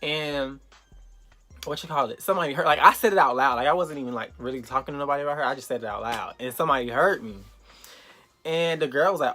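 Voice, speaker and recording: Animated young man telling a story. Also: on the high side, fast, faint music behind. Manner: animated, profane, acts out quotes loudly. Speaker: vlogger. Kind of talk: storytime vlog.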